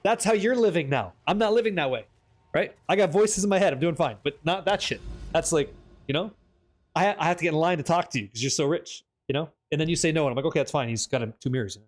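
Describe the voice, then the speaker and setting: A man's voice: a little high, expressive, quick pace. A man streaming a game, chatting casually with his viewers, joking and swearing freely as he reads the chat. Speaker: livestream gamer.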